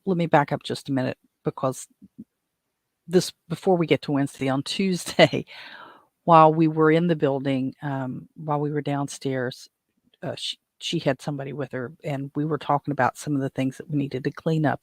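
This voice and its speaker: Higher-voiced man telling a rambling story. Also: dry recording, studio quality. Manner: rambling, self-interrupting, chuckles while telling. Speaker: podcast host. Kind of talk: casual storytelling.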